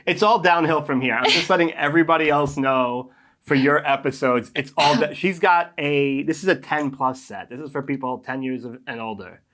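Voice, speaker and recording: A man's voice: a little high, moderate pace, fairly bright tone. Easygoing man hosting a chat. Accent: New York. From New York. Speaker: podcast host. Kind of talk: casual chat.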